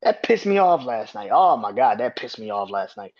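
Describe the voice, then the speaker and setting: A man's voice: mid-range voice, big pitch swings, moderate pace, lo-fi sound. A man hosting a sports podcast, ranting in a profane, heated way and repeating himself when worked up. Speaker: podcast host. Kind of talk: casual sports rant.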